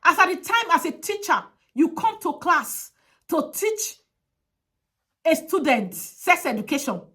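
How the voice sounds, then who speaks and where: A woman's voice: very high-pitched, very animated, unhurried, pushed and bright. A woman giving an impassioned public appeal, speaking emphatically and repeating her direct demands. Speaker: advocate.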